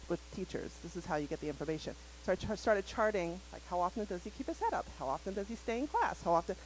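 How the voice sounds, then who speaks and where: A woman's voice: mid-range voice, a little hiss or hum, low-quality recording. A woman on a live community panel, telling a story animatedly and acting out the quotes. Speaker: parent panelist. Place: community center event.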